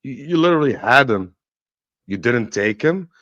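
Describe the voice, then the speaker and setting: A man's voice: medium pitch, animated, normal speed, a bit bright, no echo, highs cut off. A man co-hosting a casual football podcast, talking in a blunt, opinionated way. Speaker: podcast co-host.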